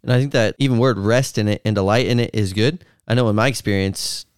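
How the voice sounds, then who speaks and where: Low smooth voiced guy talking fast, lively little stories about prayer. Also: no echo, studio quality. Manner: quick, lively storyteller. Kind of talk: casual faith discussion.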